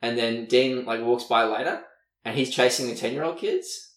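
A man's voice: medium pitch, normal speed. A man co-hosting a podcast in casual chat, animatedly retelling a TV episode and laughing often. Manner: animated storyteller, laughing often, acts out characters' lines. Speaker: podcast co-host. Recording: roomy, distant mic.

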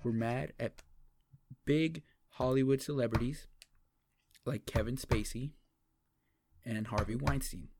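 A man's voice: medium pitch, takes it slowly, pauses often, a little mellow, slight background noise. A young man co-hosting a podcast in casual chat, rambling and swearing with lots of restarts. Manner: rambling, profane, restarts a lot. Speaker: podcast co-host.

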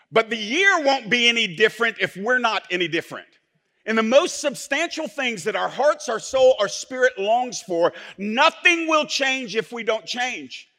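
A male pastor, preaching a sermon that swings from soft, low asides to loud, forceful declarations.

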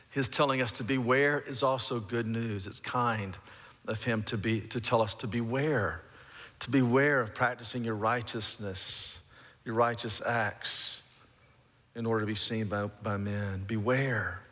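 A male pastor delivers a storytelling sermon, bursting into acted-out shouts. His voice is bright and forceful. The sound carries a long reverb from a large hall. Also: mid-range voice. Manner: storytelling with lively shouted re-enactments.

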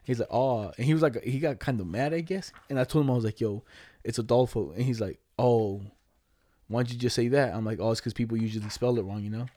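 A man's voice: mid-range voice, fast talker, warm tone, dry recording. A young man telling a rambling story in casual chat, heavy on slang and swearing.

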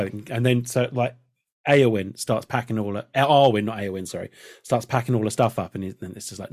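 A man hosting a casual chat podcast, often trailing off into a quiet mumble. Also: on the low side, fairly quick, no echo, studio quality. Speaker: podcast host.

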